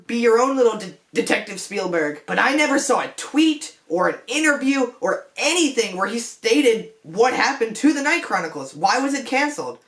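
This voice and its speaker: A man's voice: extremely high pitch, fairly bright tone. A young man hosting a comedic film commentary vlog in a detective persona, rambling and self-mocking, with joking asides and frequent restarts. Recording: echoey room.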